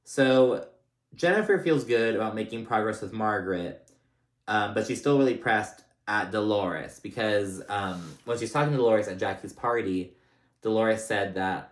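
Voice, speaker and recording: A man's voice: lowish voice, moderate pace. A man casually recapping a reality TV episode, chatty and rambling, full of fillers and restarts. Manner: animated when retelling funny scenes. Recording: roomy echoey room.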